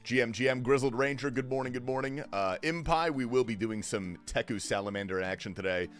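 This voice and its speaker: A man hosting a casual livestream at home, greeting viewers with joking banter that swings from low murmurs to sudden yells. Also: fairly quick, soft background music. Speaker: livestream host. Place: home, keeping quiet while others sleep.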